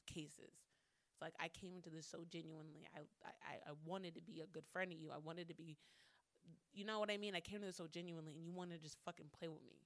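A woman with a low, gravelly voice, recorded dry, talks casually to camera for her viewers. She's candid and swears a lot, repeating phrases to work through her anger and laughing between lines.

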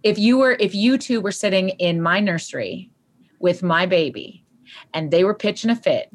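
A woman's voice: medium pitch, lively intonation, moderate pace. Passionate, emphatic woman speaker. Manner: passionate, emphatic, repeats key lines. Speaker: parenting expert guest. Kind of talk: conversational podcast talk.

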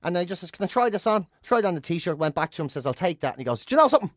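List: man, podcast host, animated pitch, playful, dry room. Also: fast talker, no room sound. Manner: expressive, jokey, playful put-on voices. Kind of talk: casual chat.

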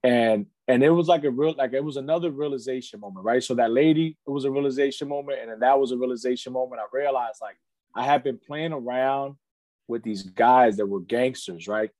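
A man's voice: medium pitch, a little fast, darkish tone, dry recording. A man in his thirties, a podcast guest, candidly telling his life story in casual conversation, earnest, peppering his speech with "man" and "you know.". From United States.

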